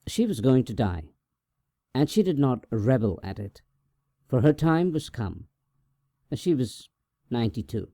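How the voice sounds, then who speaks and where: Very dark, mellow male narrator. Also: medium pitch. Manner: slow, even, measured reading. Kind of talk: calm scripted story narration for sleep.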